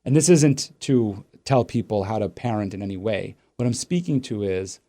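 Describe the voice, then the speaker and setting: A man with a warm, mellow voice tells a personal story in an easy, conversational way. He sounds reflective and sincere, speaking as a father and host. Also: lowish voice, expressive, moderate pace. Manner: reflective, recounting a parenting moment. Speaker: podcast host; father of two daughters.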